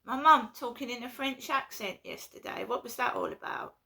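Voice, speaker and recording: A woman's voice: on the high side, moderate pace, creaky, sharp tone. A woman, ranting and swearing in a home vlog, repeating herself as she gets worked up. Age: 50s. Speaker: vlogger. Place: at home indoors.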